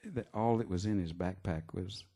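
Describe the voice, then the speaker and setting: A man, a singer-songwriter, chatting between songs at a live show in a halting, rambling way with many fillers. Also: low voice, mellow. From Texas. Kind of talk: stage banter between songs. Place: live music venue. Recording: live concert with guitar playing. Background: guitar music.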